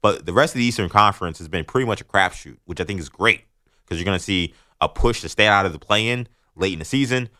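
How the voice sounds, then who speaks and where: Bright-voiced sports radio host. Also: male voice, sits low, quick pace, dry recording, studio quality. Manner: animated, mocking, laughs often.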